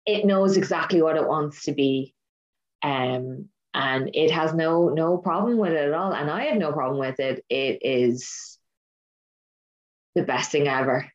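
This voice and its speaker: A woman co-hosting a podcast, excitedly retelling a film in casual chat and laughing often. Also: low-pitched, unhurried, dull audio. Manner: animated storyteller, laughs often.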